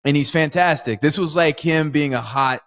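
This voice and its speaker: A man co-hosting a podcast, chatting casually about a film with lots of laughter and excited jumps in pitch. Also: moderate pace. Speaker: podcast co-host. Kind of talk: casual film review chat.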